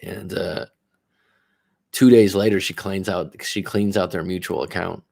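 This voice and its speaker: Male coach, lowish voice, swears freely, rambles through an anecdote for a live stream. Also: steady tone, unhurried, creaky, darkish tone. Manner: rambling, profane, self-interrupting. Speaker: life coach. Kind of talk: casual storytelling on a live stream.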